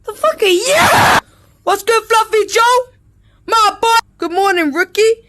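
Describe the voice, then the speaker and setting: A woman playing a VR game and yelling brash, profane commentary, often breaking into meows. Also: extremely high pitch, expressive, unhurried. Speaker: VR gamer. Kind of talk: let's-play commentary. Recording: audible background noise.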